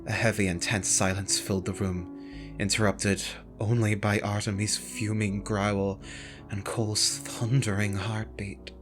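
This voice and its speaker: A reader narrating a visual novel in a steady, dramatic storybook manner. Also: low-pitched, a little slow, music in the background.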